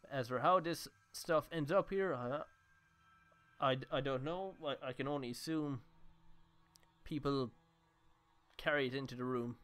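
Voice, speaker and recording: A man's voice: mid-range voice, unhurried, long pauses, a bit bright, smooth. A man casually joking and swearing as he thinks aloud while playing a horror game. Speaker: let's play gamer.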